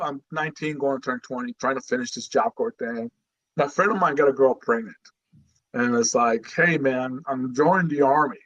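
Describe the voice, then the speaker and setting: A middle-aged Guatemalan man, a retired Marine, tells his story as a guest on a casual podcast interview, animated and sprinkling in lots of "you know." His voice is medium-pitched and the audio sounds dull.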